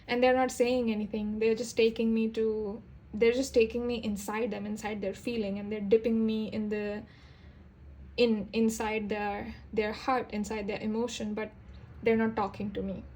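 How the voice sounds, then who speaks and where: A young woman doing a casual tarot reading, rambling and halting, often restarting her sentences. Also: a little high, level tone, a little mellow, slight background noise. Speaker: tarot reader.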